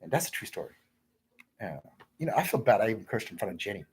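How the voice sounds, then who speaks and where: A man with a husky, breathy voice rambles through crude, repetitive stories on a livestream. His pitch swings widely up and down as he talks. He breaks off to read viewer comments aloud. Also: big pitch swings, fast.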